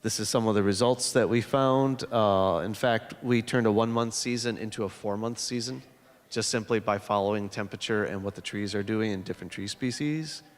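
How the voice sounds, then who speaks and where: A man with a fairly low voice speaks to an audience in a lecture hall, his words trailing off into a long reverb. He tells his story conversationally, pausing on fillers and restarting his sentences as he goes. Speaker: panelist and educator. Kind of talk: storytelling panel presentation with slides.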